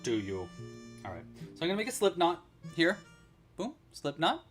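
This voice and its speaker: Lively man teaching crochet on a stream. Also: on the high side, normal speed, faint music behind. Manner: chatty, narrates his own handiwork, playful asides. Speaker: crochet instructor. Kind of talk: casual livestream tutorial.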